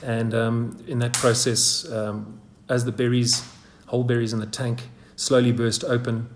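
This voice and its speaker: A man who makes wine, talking through his craft in a relaxed, unscripted way, filling pauses with lots of ums and uhs. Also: medium pitch, slight background noise. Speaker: winemaker. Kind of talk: unscripted product presentation.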